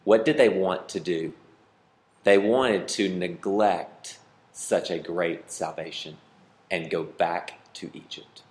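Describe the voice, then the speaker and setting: Animated pastor preaching in a roomy hall. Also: male voice, low-pitched, takes it slowly. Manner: animated, playful asides to the congregation. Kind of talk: sermon.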